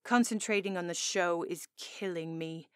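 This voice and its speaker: A woman's voice: on the low side, normal speed, fairly bright tone, smooth, no room sound. A woman narrating a first-person romance audiobook in an intimate, earnest storytelling manner, on a close studio mic.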